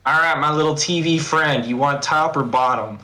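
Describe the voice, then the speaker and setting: A man playing a tabletop game, excitable and laughing, swearing freely. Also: on the high side, normal speed. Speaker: player.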